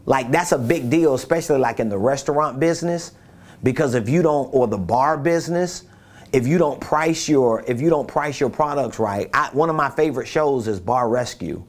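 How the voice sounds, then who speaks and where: A man's voice: medium pitch, moderate pace. A man giving a casual business coaching talk, repeating his points and asking rhetorical questions.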